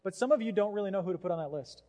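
A male pastor preaching a sermon, telling a story in an animated way and acting out what people said. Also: high voice, racing. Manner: animated storytelling with acted-out quotes. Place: church sanctuary. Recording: long hall reverb in a church.

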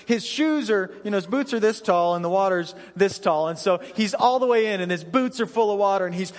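A man pastor with a high voice preaches from a church stage, his words trailing into the long reverb of a large hall. He tells self-deprecating stories from his own life, animated and often laughing, in his thirties. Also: brisk. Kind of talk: sermon.

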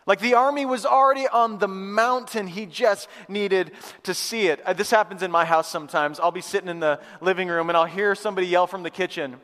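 A male pastor giving a lively, conversational sermon to a live church congregation, repeating phrases for emphasis. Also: sits high, brisk, hardly any pauses. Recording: long hall reverb.

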